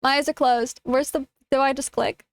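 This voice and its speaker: A woman VTuber streaming a game in casual chat, dramatic, swearing a lot and bursting into shouts, her throat strained from yelling. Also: sits high, fairly even intonation, moderate pace, no echo, poor audio.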